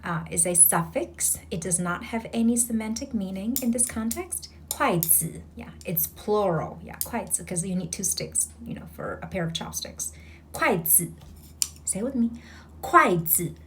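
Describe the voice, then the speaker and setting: A woman's voice: medium pitch, animated, moderate pace, few pauses, a little mellow, a little hiss or hum. A woman tutoring Mandarin, patiently demonstrating each sound and coaxing the listener to repeat after her. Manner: breathy whispered demonstrations of sounds. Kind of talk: slow, patient language lesson.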